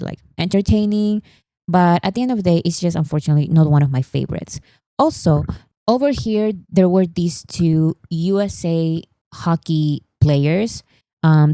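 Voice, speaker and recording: A young vlog host chats about pop-culture news, stressing her points in a casual, emphatic way. Her voice is on the low side and warm, captured dry with no echo and no pop filter.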